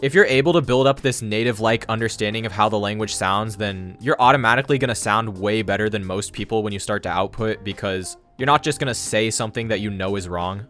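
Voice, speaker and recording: Man, quick lecture-style delivery, deep voice, faint guitar underneath. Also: a bit bright. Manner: confident, matter-of-fact advice. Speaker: language-learning YouTuber. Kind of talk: scripted explainer monologue.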